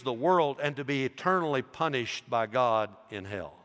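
A male pastor preaching a sermon with fervor, building loud and high on his emphatic points and dropping low and quiet for asides. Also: lively intonation, normal speed, few pauses. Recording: long hall reverb.

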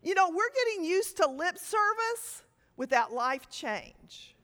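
A woman teaching a Bible sermon, telling stories with lively, sudden loud emphasis. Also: very high voice, slow, long reverb tail. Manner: animated storytelling with sudden loud emphatic lines.

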